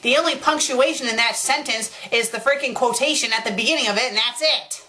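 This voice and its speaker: A woman's voice: a little high, brisk, few pauses, bright, forceful tone. A woman hosting a critique show, reading a bad fanfiction aloud and breaking off into exasperated, mocking rants. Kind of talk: sarcastic dramatic reading with commentary.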